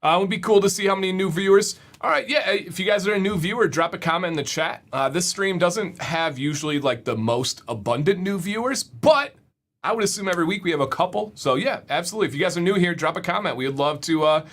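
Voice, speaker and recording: A man's voice: high-pitched, expressive, quick pace, fairly bright tone. Upbeat man hosting a livestream. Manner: upbeat, repeats words, reads chat aloud. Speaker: livestream host. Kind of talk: casual livestream chat.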